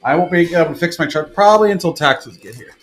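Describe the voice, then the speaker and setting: A young man on a live stream, casually opening card packs and rattling off card names, with bursts of excitement. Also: fairly high pitch, fast talker, faint music behind.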